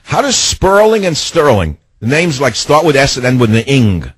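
A man's voice: mid-range voice, sing-song, normal speed, husky, no echo. A man hosting a talk radio show, delivering a rambling, sarcastic and mocking monologue into a studio microphone.

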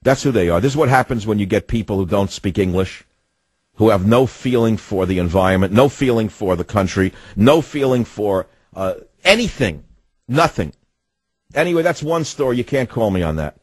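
A man's voice: on the low side, lively intonation, a little fast, breathy edge, no room sound. A man hosting a talk radio show, delivering an indignant, ranting monologue with sardonic asides.

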